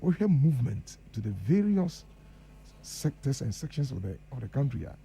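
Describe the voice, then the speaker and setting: A Ghanaian man on a radio panel, talking with an earnest, emphatic push. His voice is gravelly and very dark, with faint noise behind it. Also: mid-range voice, very animated, moderate pace. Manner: earnest, mixes Twi and English, emphatic warnings. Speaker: guest professor. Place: radio studio.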